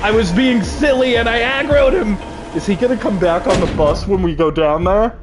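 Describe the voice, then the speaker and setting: A man giving live gameplay commentary as a streamer, excitable and prone to panic, swearing and talking to his chat and to game characters. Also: high voice, moderate pace.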